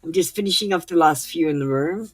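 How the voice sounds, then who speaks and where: Low-voiced frank woman. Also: fast, slightly rough, faint music behind. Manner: frank and blunt, swears freely, many fillers. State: unwell. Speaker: tarot reader on a livestream. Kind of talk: casual livestream advice talk.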